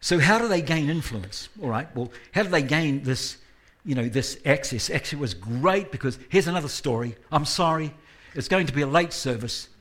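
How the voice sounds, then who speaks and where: A man's voice: fairly high pitch, lively intonation, moderate pace, fairly bright tone. A man giving a guest sermon at a church service, talking in a conversational way with self-deprecating asides and rising emphasis. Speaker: guest preacher.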